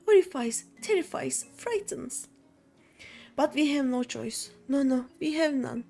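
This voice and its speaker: A woman squeaking as a timid, fretful kobold. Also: expressive, a little slow, vocal fry, dark tone, faint music behind, exaggerated voice. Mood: fearful. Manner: frantic, repeats words in threes.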